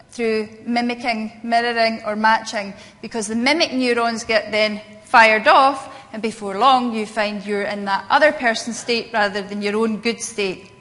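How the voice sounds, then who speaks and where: A woman's voice: a little high, pushed and bright, big-room sound. A woman with a Scottish accent teaching a workshop on communication to a group, earnest and repeating her key points. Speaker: NLP trainer. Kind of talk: workshop lecture.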